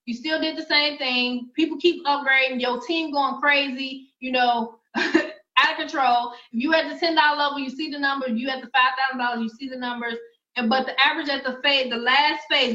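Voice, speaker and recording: High bright-voiced woman pitching. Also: roomy sound, muffled recording. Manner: energetic, chatty, addresses audience as y'all and guys. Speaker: online business trainer. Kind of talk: sales presentation.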